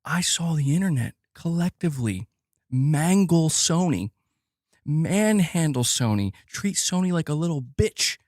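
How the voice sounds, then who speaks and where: A man's voice: on the high side, a little mellow, no echo, clean studio sound. A man streaming gaming news, delivering an impassioned rant that is full of swearing and repeated words for emphasis. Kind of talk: live stream commentary rant.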